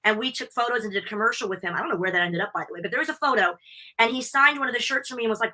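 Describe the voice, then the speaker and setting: An American woman guesting on a wrestling podcast, gushing through stories in an excited, chatty way over a video call. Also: a little high, rapid-fire. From United States. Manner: bubbly, gushing storyteller. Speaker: wrestling interviewer and convention host. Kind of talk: excited casual interview chat.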